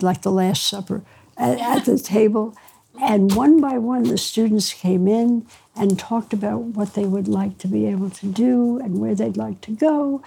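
Here the older pediatrician's voice sounds mid-range, warm and gravelly, carrying a breathy edge. Interviewed about her life, she tells it as conversational storytelling, wry and thoughtful, laughing between phrases.

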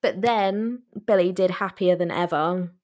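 A woman's voice: fairly low pitch, unhurried, darkish tone. A young woman, co-hosting a casual chat, telling stories animatedly and giving blunt opinions. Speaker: podcast co-host.

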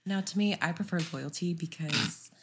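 A woman's voice: fairly low pitch, moderate pace, background noise. A young woman co-hosting a podcast, chatting casually in a giggly, rambling, playful way. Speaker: podcast co-host. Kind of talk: casual chat.

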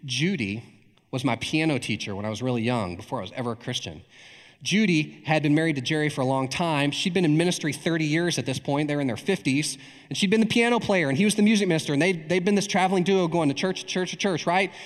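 Man, preacher, storytelling sermon, animated, "right?" asides, fairly high voice, long reverb, large church hall. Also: fast.

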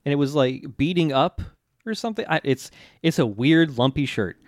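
A man's voice: a little high, animated, normal speed, no room sound, studio quality. A man co-hosting a podcast, casually recapping an anime and meandering as he searches for words. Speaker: podcast co-host.

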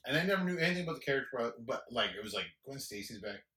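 A man's voice: mid-range voice, lively intonation, pushed and bright, distant mic. Agreeable man in an echoey room. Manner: agreeable, lots of quick agreement. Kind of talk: casual movie review chat.

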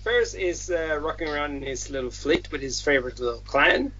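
A man casually retelling a story in a rambling, animated way, with swearing and slang, on dull lo-fi audio. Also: fairly high pitch, a little fast. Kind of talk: casual chat.

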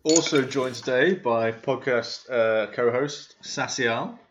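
A man's voice: mid-range voice, slow pace, a bit bright. A man hosting a casual podcast, swearing freely and laughing easily. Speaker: podcast host. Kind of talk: casual chat.

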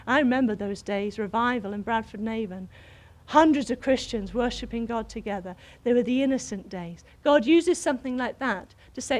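A woman with a high voice gives a sermon. She tells a personal story in a lively way, and her laughter keeps breaking through. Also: moderate pace. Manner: animated, bursts into laughter while telling a story. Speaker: preacher.

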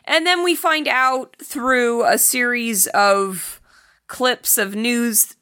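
A woman's voice: fairly high pitch, takes it slowly, sharp tone, clean tone. A woman co-hosting a podcast, casually recapping a film in chatty conversation. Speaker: podcast co-host.

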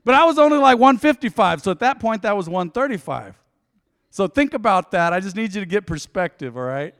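A man with a slightly high voice preaches from the pulpit, telling his story the way he would talk to friends. He pushes hard on some points, then drops to a near hush. His voice rings out with the long reverb of a big hall. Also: lively intonation, a little fast. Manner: conversational storytelling, swings between loud emphasis and soft asides. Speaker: pastor. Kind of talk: sermon with a personal story.

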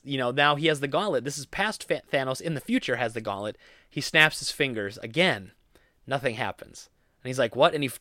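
A man's voice: mid-range voice, fairly bright tone, no echo, studio quality. A man casually retelling a movie plot, rambling and correcting himself as he goes, with small laughs. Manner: rambling, self-correcting, quoting characters with laughs. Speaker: movie fan recapping a film.

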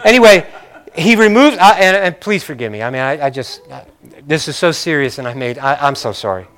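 A man's voice: mid-range voice, animated, fairly quick, a bit bright. A male pastor preaching a sermon in a conversational way, with joking, apologetic asides to his congregation.

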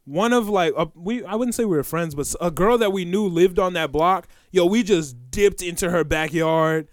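A young man telling a funny story to a friend in casual chat, animated and often laughing. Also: high-pitched, normal speed, dry recording, studio quality. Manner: animated, laughing, swearing, acts out quoted voices.

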